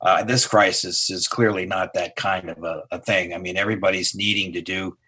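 A man from New York, a public relations executive, answering interview questions haltingly. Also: sits low, fairly even intonation, bright, forceful tone, breathy edge. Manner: halting, many fillers and restarts. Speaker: PR executive guest.

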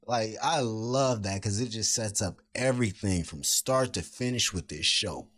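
A man's voice: lowish voice, a little slow, a bit bright. A man hosting a casual TV review chat, talking enthusiastically and rambling with restarts. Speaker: podcast host.

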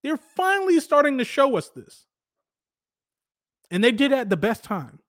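Man, high voice, casual sports commentary, opinionated, animated, dry close sound. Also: moderate pace, no echo. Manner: opinionated, animated rants with filler words. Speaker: sports podcast host.

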